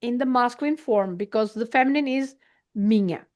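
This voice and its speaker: A woman's voice: on the high side, moderate pace, darkish tone. A woman teaching a language online, patiently repeating and spelling out words, with frequent hesitant fillers.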